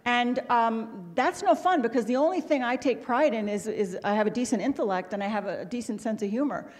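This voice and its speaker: A woman's voice: on the high side, fairly quick. A middle-aged woman from Missouri giving a humorous, candid public talk as a guest speaker, rambling with self-deprecating asides. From Missouri, USA. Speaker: guest speaker at an autism symposium. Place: large hotel ballroom. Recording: long reverb of a large ballroom.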